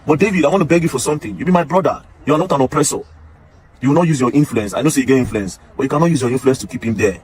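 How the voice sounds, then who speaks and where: Talking straight to camera in a casual monologue, a social media commentator pleads emphatically in Nigerian Pidgin. His mid-range voice comes out rapid-fire, a little mellow, with a breathy edge.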